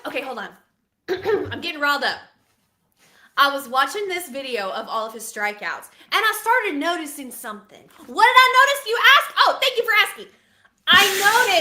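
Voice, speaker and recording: A woman co-hosting a casual baseball podcast, high and bright in tone. She talks in a dramatic, self-mocking, animated way. The room around her sounds echoey. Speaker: podcast co-host. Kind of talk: casual sports podcast chat.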